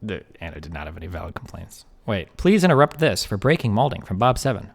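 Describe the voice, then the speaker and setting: A young man streaming live and commenting on a video, speaking in a quick, profane way full of "like" and "um.". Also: lowish voice, big pitch swings, gravelly, slightly rough. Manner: rapid, profane, many fillers like "like" and "um".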